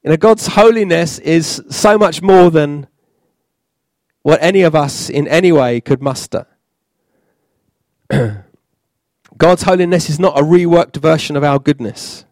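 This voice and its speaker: A man preaching a sermon in a church, halting, with many fillers and restarts. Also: fairly high pitch, darkish tone, no echo.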